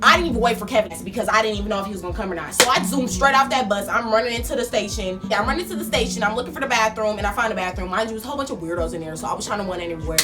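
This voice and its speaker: A young woman vlogger telling a casual story in a slangy, animated way, acting out her own lines. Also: mid-range voice, very fast, hardly any pauses, over loud music.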